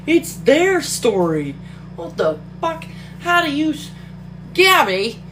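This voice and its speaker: A woman giving casual reaction commentary on a book, mocking, profane and quick to exclaim and laugh. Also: high voice, sing-song, fairly bright tone, slight background noise. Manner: laughs often.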